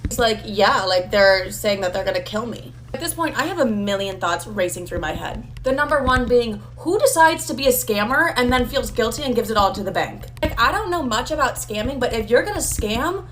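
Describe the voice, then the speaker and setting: A woman's voice: fairly high pitch, expressive, fairly quick, few pauses, fairly bright tone, a little hiss or hum. A young woman telling a casual, chatty story full of swearing and "like".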